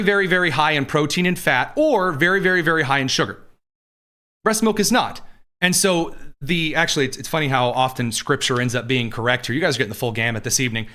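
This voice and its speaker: Fast-talking, combative political streamer man. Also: sharp tone. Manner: fast, combative, slips into mocking high-pitched voices. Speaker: political livestream host. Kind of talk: live political commentary.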